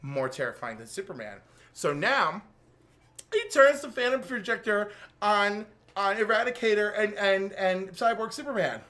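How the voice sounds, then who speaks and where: An American man co-hosting a show, animatedly recapping comics in casual chat and acting out character lines. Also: normal speed. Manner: animated storyteller, acts out character lines with big pitch jumps. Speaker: co-host.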